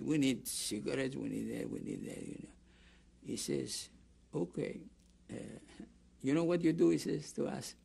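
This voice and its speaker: A man's voice: medium pitch, vocal fry, darkish tone, husky. An older man with a Greek accent giving an oral history interview, rambling through a story with restarts and acting out the people he quotes. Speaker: interviewee, camp survivor.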